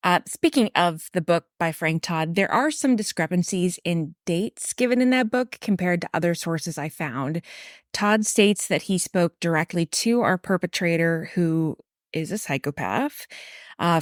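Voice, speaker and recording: A woman with a fairly low voice narrates a true crime history podcast from a prepared script. She slips in casual asides and the odd stumble. The sound is close and dry, with no room behind it. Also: dry recording. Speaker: podcast host.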